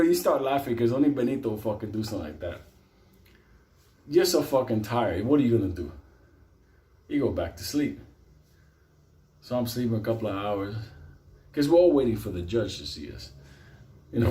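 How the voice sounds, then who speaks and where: A man telling a story in a profane, animated, conversational way. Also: medium pitch, brisk, pauses often, roomy sound. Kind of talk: comic storytelling.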